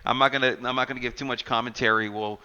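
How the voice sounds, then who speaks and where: A man with a bright, forward voice, chatting loosely as a podcast host. He rambles and restarts, joking with his co-hosts at an easy pace. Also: mid-range voice, fairly even intonation, fast, clear, resonant tone, muffled recording. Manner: rambling, laid-back, joking. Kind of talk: casual podcast chat.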